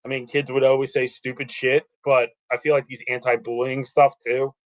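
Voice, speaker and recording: A man's voice: medium pitch, moderate pace, muffled recording. A man in his thirties, a podcast guest, telling stories in a loose, rambling way with lots of fillers. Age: 30s. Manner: rambling, animated storytelling with many fillers. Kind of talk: casual podcast chat.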